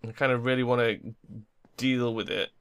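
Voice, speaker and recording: A man's voice: mid-range voice, flat delivery, moderate pace, fairly bright tone, smooth. A man casually commenting while he plays a role-playing video game, swearing now and then and reading game text aloud. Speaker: gamer. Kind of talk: casual let's play commentary.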